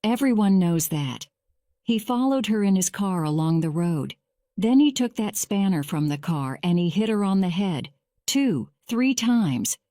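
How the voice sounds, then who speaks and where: A defensive young man under questioning in a courtroom storybook, read by a woman. The voice is slow and mellow, with a dry, close sound. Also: medium pitch, animated, no echo, lightly acted. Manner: measured, slow graded-reader delivery.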